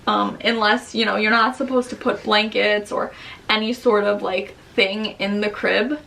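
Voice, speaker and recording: A woman's voice: mid-range voice, steady tone, measured pace, vocal fry, a bit bright. A young woman, a new mother, chatting candidly to camera at home in a rambling way, full of "um" and "like". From Long Island, New York. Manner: rambling and candid, many fillers like "um" and "like". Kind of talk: casual chat. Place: at home near her baby's crib.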